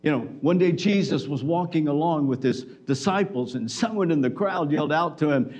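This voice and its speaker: A man with a fairly high voice preaching a sermon in a church. He talks to the congregation conversationally. He slips into acted-out bits of dialogue to make his point. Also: normal speed, hardly any pauses, a little mellow. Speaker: pastor.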